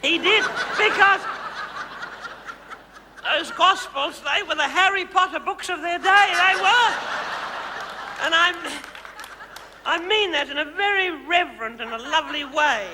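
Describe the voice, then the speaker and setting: At an extremely high pitch, unhurried and pausing often over a background crowd, an Australian-accented male stage comedian plays a vain, glamorous former housewife now a megastar. His live comedy monologue on a large theatre stage camply teases and gushes at the audience, calling them darlings. It's from a VHS broadcast with reverberant hall acoustics and audience noise.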